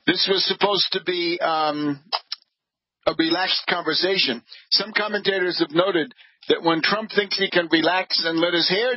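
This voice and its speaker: A man hosting a radio show, delivering a deliberate, scornful political commentary monologue. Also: sits high, slightly rough, dry recording. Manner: deliberate, scornful, measured delivery with frequent pauses. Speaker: radio host. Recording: dull lo-fi radio audio.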